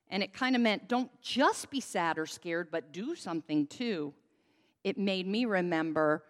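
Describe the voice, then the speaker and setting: A woman with a fairly low, expressive voice speaks at a measured pace as she gives a children's sermon. She's a pastor holding a microphone in the sanctuary, and the congregation answers her in call-and-response while the long church reverb rings out.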